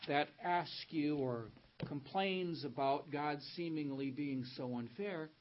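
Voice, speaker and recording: A man's voice: on the high side, slow pace. A man preaching a sermon, stressing key words and reading scripture aloud with rising emphasis. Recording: dull lo-fi sound.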